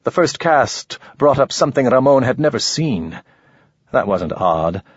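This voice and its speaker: A man reading a story aloud in measured, even scripted narration. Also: mid-range voice, husky, no room sound. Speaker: audiobook narrator. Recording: dull lo-fi recording.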